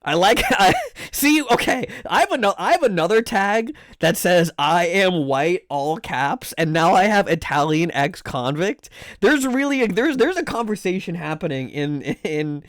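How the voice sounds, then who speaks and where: A man's voice: high voice, normal speed, no room sound, clean studio sound. A man live-streaming a game and chatting with his audience in a casual, playfully indignant way, often stammering and repeating words. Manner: animated, playfully indignant, bantering with chat. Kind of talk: casual live-stream chat while gaming.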